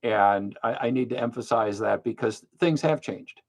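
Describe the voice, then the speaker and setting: A man's voice: medium pitch, normal speed. Older man, livestream host, blunt, matter-of-fact, lots of uhs and ums, desk mic. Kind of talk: casual live Q&A talk.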